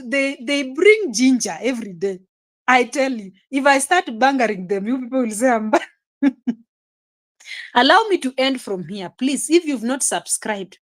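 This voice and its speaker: A woman giving casual reaction commentary, exclamatory and scolding, chuckling often. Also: sits high. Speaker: reaction vlogger.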